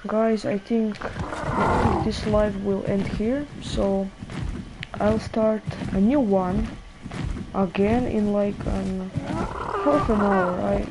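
Woman, game streamer, excited and breathless, very slow drawn-out talk, game sounds behind. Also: mid-range voice, very noisy. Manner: excited, repeats exclamations, breathless. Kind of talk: live gameplay commentary.

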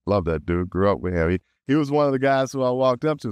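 A man chatting as a guest on an interview show, telling stories with plenty of energy. He laughs often and slips into other people's voices when he quotes them. His voice sits at an ordinary pitch, recorded close and dry. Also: expressive, quick pace, a little mellow, clear, resonant tone, dry recording. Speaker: voice actor guest. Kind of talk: casual interview storytelling.

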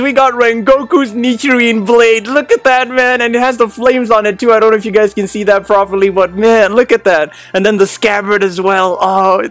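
Man, unboxing host, fairly high voice, fillers, excited shouts, faint music behind. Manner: many fillers, addresses viewers.

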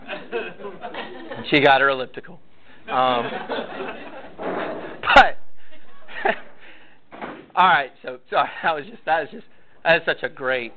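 A man leading a church parenting class, talking casually to parents and telling stories with acted-out quotes. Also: a little high. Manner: conversational, storytelling, acts out quotes. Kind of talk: casual teaching talk to parents. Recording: tinny phone-like sound.

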